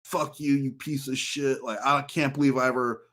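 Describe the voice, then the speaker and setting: A man's voice: medium pitch, normal speed. Man telling a story on a podcast. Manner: storytelling, animated when quoting an ex. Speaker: podcast guest. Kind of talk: casual chat.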